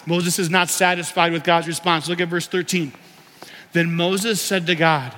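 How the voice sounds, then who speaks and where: A man's voice: fairly high pitch, steady tone, normal speed, bright, forceful tone. A young man preaching a sermon, teaching and having the congregation repeat words after him. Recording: long hall reverb.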